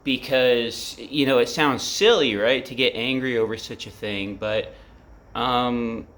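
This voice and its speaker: A man's voice: mid-range voice, unhurried, a bit bright. A man in his forties rambling candidly about his feelings in a vlog, swearing freely and leaning on lots of fillers, recorded in his apartment. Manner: rambling, profane, heavy with fillers. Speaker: vlogger. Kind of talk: candid personal reflection to camera.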